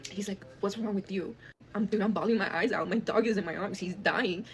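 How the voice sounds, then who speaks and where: A young woman telling a personal story in a storytime clip, emotional and profane, acting out what people said. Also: mid-range voice. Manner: fast, emotional, profane retelling with acted quotes. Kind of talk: storytime video.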